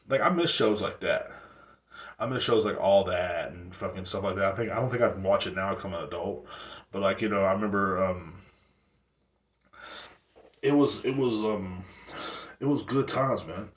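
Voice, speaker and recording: A man's voice: deep voice, normal speed. A man in his thirties hosting a talk show, ranting casually in loose, slangy, profane talk with rambling restarts. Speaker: show host. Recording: roomy sound from a distant mic.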